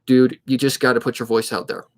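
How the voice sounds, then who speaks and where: A man in his twenties who narrates fanfic readings, chatting casually on a livestream in a steady, somewhat monotone way and thinking aloud as he goes. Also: medium pitch, a little fast. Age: 20s.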